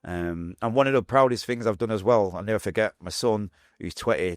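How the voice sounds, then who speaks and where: A Mancunian man in his forties, from Manchester, England, speaks in a lowish voice with clean studio sound and no echo. As a podcast guest, he candidly tells his life story in a fast, animated way, acting out the voices of people he quotes.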